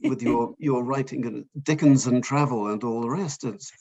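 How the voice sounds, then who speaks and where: A man's voice: medium pitch, moderate pace, warm tone. Older guy from fiji chatting about his writing, lots of ums and restarts, kinda dull audio. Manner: hesitant, self-deprecating, many ums and restarts. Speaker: author guest. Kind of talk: conversational interview.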